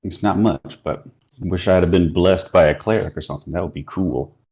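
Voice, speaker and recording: A man's voice: low-pitched, brisk, gravelly, darkish tone, breathy edge. A man playing a tabletop game, wry and joking, heard through a dull lo-fi mic. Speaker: player.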